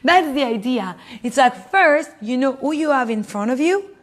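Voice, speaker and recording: A woman leads a class with quick, animated delivery and a fairly high voice. She slips into playful voices for the couples in her stories and laughs easily. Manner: animated, acts out quoted spouses in higher voices, laughs often. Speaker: Torah class teacher. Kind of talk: lively class talk to a live audience.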